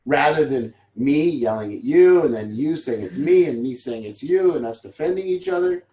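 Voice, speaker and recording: A recovery group leader with a fairly high, warm voice talks to his support group at normal speed and in an animated way. The informal talk is open and rambling, with casual cursing, and the room sounds echoey.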